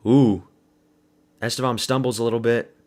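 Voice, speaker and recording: A man's voice: mid-range voice, fairly even intonation, normal speed, darkish tone. A man streaming a fight watch party, chatting casually and answering viewers while calling the action, with plenty of swearing. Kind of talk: casual live fight commentary.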